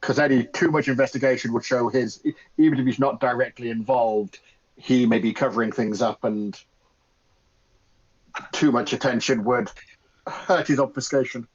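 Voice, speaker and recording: Husky man, genteel in-character tone. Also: medium pitch, fairly even intonation, normal speed, pauses often. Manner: genteel, formal in-character speech. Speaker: player. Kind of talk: in-character tabletop play. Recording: dull lo-fi mic.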